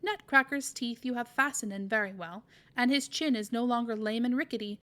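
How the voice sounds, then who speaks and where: A woman voicing a lively, cheeky young boy who talks eagerly in a read-aloud storybook. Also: a little high, a little fast, natural voice.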